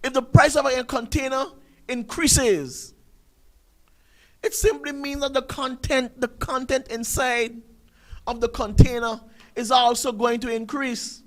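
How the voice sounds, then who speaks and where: High-voiced emphatic man ranting. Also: flat delivery, a little slow, a bit bright, low-quality recording. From Sint Maarten. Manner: emphatic, repetitive, rhetorical questions. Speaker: talk show host. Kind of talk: ranting commentary monologue.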